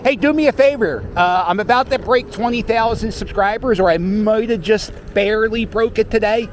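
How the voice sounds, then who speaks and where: A middle-aged man talks in a casual, rambling way, cracking jokes and cursing now and then. His voice sits a little high for a man. Faint outdoor traffic noise runs underneath. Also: normal speed. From Philadelphia. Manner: rambling, joking, profane. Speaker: vlogger riding a scooter. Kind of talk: casual chat while riding. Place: outdoors on city streets.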